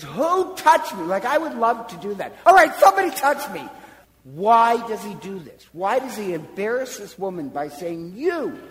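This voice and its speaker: Male preacher, slightly high voice, animated storytelling sermon, reverberant hall.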